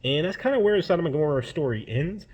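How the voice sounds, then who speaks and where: A man's voice: a little high, expressive, fast, darkish tone, husky, dull audio. A young man who hosts videos, casually retelling a story in slangy, profane speech and acting out the characters. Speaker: video host.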